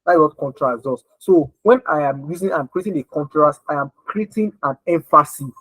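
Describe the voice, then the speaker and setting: A fairly high-voiced man gives an online design lesson, talking emphatically and circling back to the same points. The sound is dry and close, with no room around it, like a computer mic on a call. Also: brisk, fairly bright tone, no echo, rough recording. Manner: repetitive, emphatic, keeps checking if listeners follow. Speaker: design instructor. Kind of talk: online screen-share lesson.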